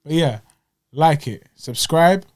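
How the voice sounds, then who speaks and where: A young man, co-hosting a podcast and telling stories with animated, slangy energy. His voice sits a little high. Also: slow. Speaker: podcast co-host. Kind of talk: casual chat.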